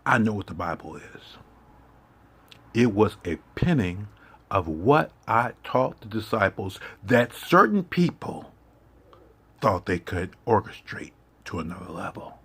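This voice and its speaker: A low, gravelly male voice with a husky edge, delivering a preachy, confrontational rant full of profanity. His pitch swings widely as he lectures and scolds the listener. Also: very animated, a little slow, a bit bright. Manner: preachy, confrontational, heavy swearing. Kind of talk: impassioned profane monologue.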